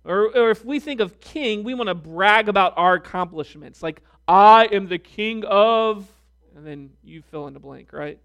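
A man preaching a sermon as pastor, reading scripture with deliberate emphasis. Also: high voice, vocal fry, bright, forceful tone. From United States.

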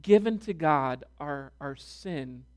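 A male pastor from the United States preaching with a high, light voice. He talks at an unhurried, measured pace. He leans into scripture readings with deliberate emphasis. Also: animated. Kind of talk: sermon.

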